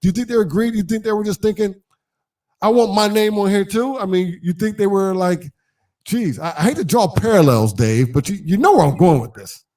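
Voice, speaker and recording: A man's voice: high-pitched, animated, quick pace, dark tone. A man hosting a podcast in casual chat, rambling with many fillers and repeated starts. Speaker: podcast host.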